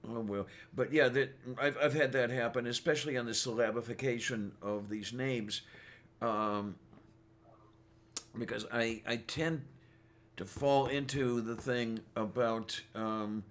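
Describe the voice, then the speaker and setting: A man co-hosting a casual talk show, speaking with frequent pauses, ums and restarts. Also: medium pitch, fairly even intonation, fairly bright tone. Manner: hesitant, many ums and restarts. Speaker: podcast co-host. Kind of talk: casual chat.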